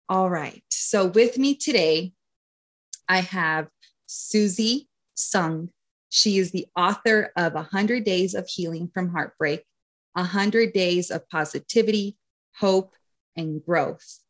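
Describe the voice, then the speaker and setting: A woman's voice: fairly low pitch, takes it slowly. Enthusiastic woman podcast host. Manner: enthusiastic, affirming. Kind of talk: podcast interview and guided affirmations.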